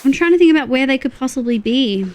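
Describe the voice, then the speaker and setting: Australian woman streamer, casual gaming chat, grumbles and swears, talks to chat as she plays, slightly high voice. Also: lively intonation, quick pace, darkish tone.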